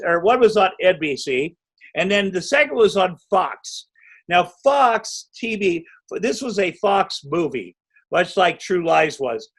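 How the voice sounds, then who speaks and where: A man guesting on a podcast, telling a rambling, self-interrupting anecdote and breaking into loud acted quotes. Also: high-pitched. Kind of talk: anecdotal storytelling.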